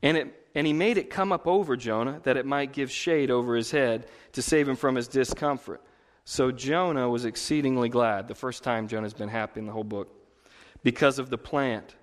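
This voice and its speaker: Man preaching in a reverberant church. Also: mid-range voice. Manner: conversational preaching with emphatic swells and repeated phrases. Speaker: pastor. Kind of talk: sermon.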